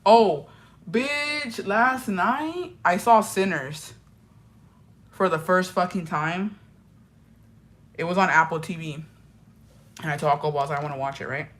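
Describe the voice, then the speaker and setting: Young woman vlogger, animated, profane storyteller who slips into Spanish. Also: fairly low pitch, measured pace, long pauses. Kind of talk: get-ready-with-me chat.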